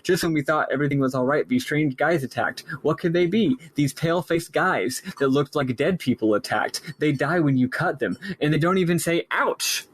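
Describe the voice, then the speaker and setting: A man's voice: a little high, moderate pace, few pauses, slightly rough, poor audio. A man voicing a young male bandit who talks in a scattered, forgetful way. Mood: flustered.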